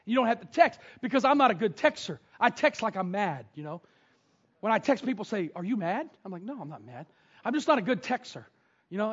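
High-pitched male pastor, dull lo-fi church recording, storytelling sermon that goes from hushed to shouting. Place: church sanctuary.

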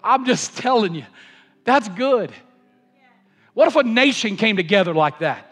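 A man's voice: sits high, lively intonation, measured pace, a bit bright, in a large hall. A man preaching a sermon in an impassioned, repetitive cadence. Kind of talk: Pentecostal-style sermon.

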